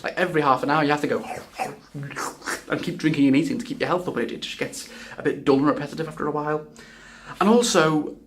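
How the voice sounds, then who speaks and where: A man's voice: fairly high pitch, rapid-fire, slight background noise. A man giving a casual spoken video game review, rambling and enthusiastic, often restarting his sentences and swearing.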